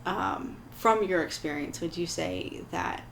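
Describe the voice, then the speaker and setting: A woman hosting an interview, with a lowish, gravelly voice and measured questions. The room is echoey, with faint background noise. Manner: brief, measured questions and backchannels. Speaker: podcast host, interviewer.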